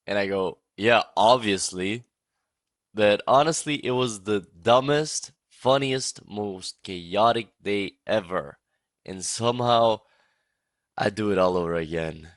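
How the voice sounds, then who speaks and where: Lively young man telling a storytime. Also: fairly low pitch, measured pace, no echo. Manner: animated, laughing, profane storytelling. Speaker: storytime vlogger. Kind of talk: casual storytime narration.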